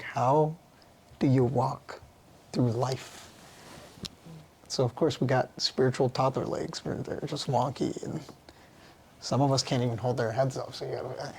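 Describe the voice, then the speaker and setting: A man speaks in an earnest, musing way as a podcast guest. His phrasing is loose and slangy. His pitch sits in a mid range. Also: darkish tone, slight background noise. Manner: earnest, musing, with easy laughs. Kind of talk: casual reflective conversation.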